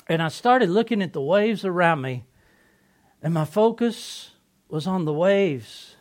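Dramatic monologue: Peter, an earnest, impulsive fisherman apostle, played by a man; a fairly high male voice. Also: lightly acted. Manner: earnest, excitable storyteller. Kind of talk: first-person dramatic monologue.

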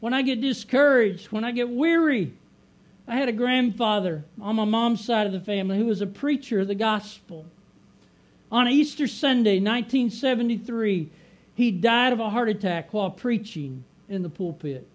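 A middle-aged man preaching a sermon as pastor, emphatic and repetitive, slowing down to stress his words. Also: high-pitched. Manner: emphatic repetitive preaching, swelling on key phrases.

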